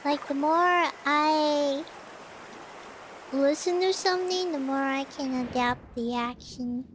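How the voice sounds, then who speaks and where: Very high-voiced woman chatting slowly. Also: slight background noise. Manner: rambling, many "like" fillers, frequent coughs. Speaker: streamer. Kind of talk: casual livestream chat.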